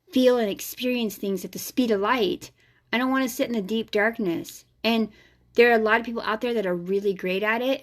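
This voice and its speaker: A woman with a fairly high voice hosts her own vlog as an energy healer. She talks in a frank, casual way and puts strong emphasis on her points, dropping the odd swear word. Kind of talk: casual spiritual vlog talk.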